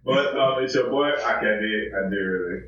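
A man's voice: on the low side, normal speed, fairly bright tone. A young man hosting a podcast in casual, playful chat, rambling and joking. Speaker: podcast host. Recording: echoey, distant, dull audio.

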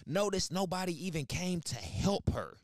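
A man's voice: high voice, animated, normal speed, no room sound, clean studio sound. A man giving casual reaction commentary as a podcast host, blunt and profane, talking animatedly with lots of asides.

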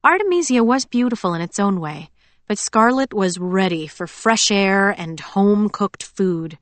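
Calm woman audiobook narrator. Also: mid-range voice, no room sound. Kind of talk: scripted narration.

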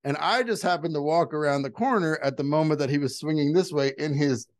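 A middle-aged man, a guest in a casual conversation, tells earnest personal stories. His voice is a little high and his delivery brisk, and the recording has no room sound.

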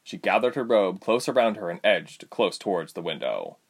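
Man reading a story, lively pitch. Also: normal speed, vocal fry, slightly rough. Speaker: narrator.

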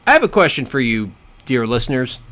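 A man giving casual solo boxing commentary, sarcastic and animated, often stumbling and restarting his sentences. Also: medium pitch, brisk, dry recording.

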